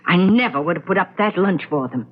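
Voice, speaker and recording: An actress playing a fretful older rural wife who scolds in folksy country speech in a radio drama. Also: female voice, on the low side, animated, fairly quick. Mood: scolding. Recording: dull lo-fi radio recording with faint music.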